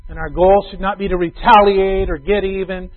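A middle-aged man preaches to his congregation in a high, light voice. He is loud and emphatic one moment and drops to a soft aside the next. The sound is thin and tinny, as if it came down a phone line. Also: fairly even intonation, normal speed. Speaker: pastor. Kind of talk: sermon.

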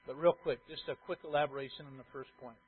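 A pastor preaching a sermon to his congregation, who drops to quiet asides, then builds to loud emphatic repetitions and asks the room questions. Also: medium pitch, steady tone, fast talker, a little hiss or hum. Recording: tinny phone-like sound.

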